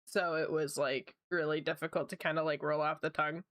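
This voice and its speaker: A woman's voice: low-pitched, fairly even intonation, a little fast, fairly bright tone, no echo, clean studio sound. A woman chatting casually with her stream while drawing, often breaking into laughter. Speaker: art streamer.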